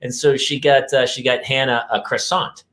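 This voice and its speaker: A man's voice: medium pitch, flat delivery, moderate pace, fairly bright tone. A middle-aged man co-hosting a live podcast, telling rambling anecdotes about his family full of fillers. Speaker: podcast co-host. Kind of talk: live podcast banter, storytelling.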